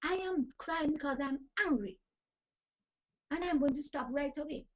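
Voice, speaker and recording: A woman with a high-sitting voice speaks at normal speed, delivering an emphatic, preachy motivational talk packed with scripture phrases. She is a talk show host and life coach, captured in a dull lo-fi recording.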